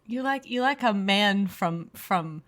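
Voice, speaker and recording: A woman's voice: medium pitch, expressive, takes it slowly, fairly bright tone. A woman co-hosting a podcast in casual chat, blunt and playful, swearing freely and giggling. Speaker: podcast co-host.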